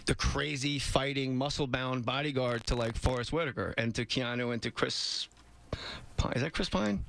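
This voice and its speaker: A middle-aged man chatting as a guest comedian on a radio show, telling stories in an animated way. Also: medium pitch, normal speed, gravelly. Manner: animated storyteller, jumps into bits and impressions. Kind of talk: casual radio chat.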